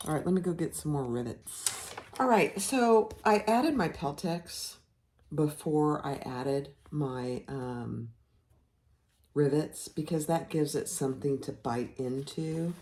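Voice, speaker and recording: A woman's voice: deep voice, slow, darkish tone, slight background noise. A woman talking casually while she sews, explaining each step of a bag pattern in a chatty, self-deprecating way. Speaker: sewing pattern tutor. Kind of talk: casual sewing tutorial. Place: home sewing room.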